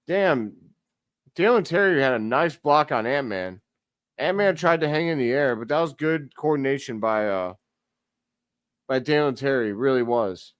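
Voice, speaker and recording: A man hosting a live stream, giving casual play-by-play commentary as an excitable fan who talks to his chat. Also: mid-range voice, moderate pace, smooth, dry recording, studio quality.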